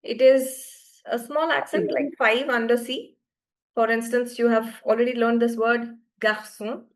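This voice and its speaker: A woman's voice: on the high side, flat delivery, unhurried. A woman teaching French to beginners in an online class, explaining patiently and often checking that students follow.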